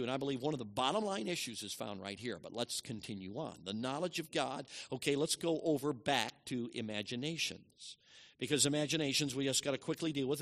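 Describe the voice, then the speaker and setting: A middle-aged man preaching a sermon, swinging between loud emphatic lines and hushed, quieter asides. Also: medium pitch.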